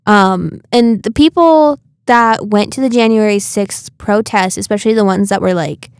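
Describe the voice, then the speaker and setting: A young woman co-hosting a podcast, chatting casually and getting indignant in quick bursts. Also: mid-range voice, clean tone, no room sound, studio quality. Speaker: podcast co-host. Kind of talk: casual chat.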